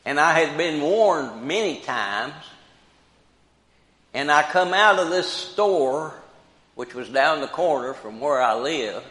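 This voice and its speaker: An older man preaching a sermon slowly and emphatically, repeating key phrases for weight. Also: a little high, lively intonation, fairly bright tone. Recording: roomy hall with long reverb.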